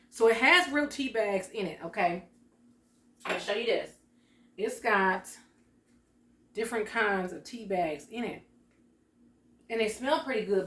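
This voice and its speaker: A woman's voice: medium pitch, fairly bright tone, roomy sound. A woman hosting a casual kitchen vlog, chatting straight to her viewers in a folksy way. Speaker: vlog host. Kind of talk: casual chat to camera. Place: home kitchen.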